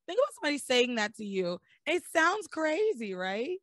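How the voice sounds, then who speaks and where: A hoarse woman who is losing her voice, so it sounds deeper than usual, hosting a podcast and recapping a soap opera in animated, joking chat. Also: moderate pace, no room sound, clean studio sound. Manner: animated, joking, laughs often. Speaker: podcast host.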